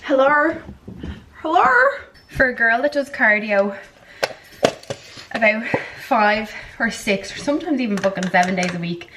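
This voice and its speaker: A woman's voice: on the high side, lively intonation, a little slow, long pauses, noisy background. A woman vlogger talking in a casual, chatty way, poking fun at herself and swearing freely. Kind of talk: casual vlog chat.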